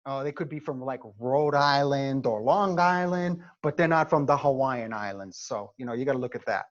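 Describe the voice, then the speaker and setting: A man's voice: medium pitch, normal speed. A middle-aged man, a former Army first sergeant, tells stories to advise students. He often stops to check in with "okay?". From New York. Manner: animated storyteller, frequent "okay?" check-ins. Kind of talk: conversational seminar talk. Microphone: video call. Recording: lo-fi video call audio.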